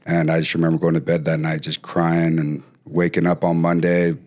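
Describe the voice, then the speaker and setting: A man talking as a podcast guest, telling stories casually with lively bursts and frequent restarts. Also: low voice, normal speed. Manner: animated, trails off and restarts often. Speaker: podcast guest, former pro football player. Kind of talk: casual storytelling.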